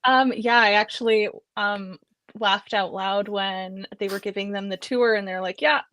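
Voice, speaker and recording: A woman's voice: mid-range voice, steady tone, moderate pace, a bit bright, dry recording. A woman in her thirties chatting casually and laughing easily as she tells a story. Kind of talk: casual chat. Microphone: home mic on a video call.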